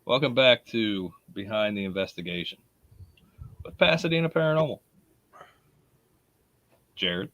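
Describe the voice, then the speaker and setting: A man's voice: on the low side, sing-song, a little slow, pauses often, a bit bright, dry recording, dull audio. A man with a Baltimore accent hosting a live podcast in a casual, chatty way, greeting listeners by name and laughing often. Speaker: podcast host.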